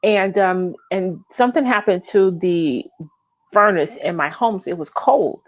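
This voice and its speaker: A woman co-hosting a wellness talk show, chatting casually and acting out her own quoted lines with lively energy. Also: medium pitch, unhurried. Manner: animated storyteller, acts out her own quotes. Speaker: co-host. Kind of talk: casual chat. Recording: slightly dull, lo-fi remote audio.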